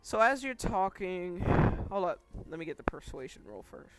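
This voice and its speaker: A man serves as game master for a tabletop role-playing game, narrating in a loose, chatty, conversational way with fillers. His voice sits high, sing-song and fairly bright, at a moderate pace, with soft music in the background.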